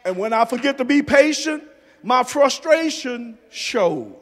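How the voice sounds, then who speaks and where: Brief: male pastor, sermon delivery, very high voice and slow pace, soft-to-shouting dynamics. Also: animated, big-room sound. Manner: swings from soft low murmurs to shouted emphasis. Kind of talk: preaching a sermon. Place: church sanctuary.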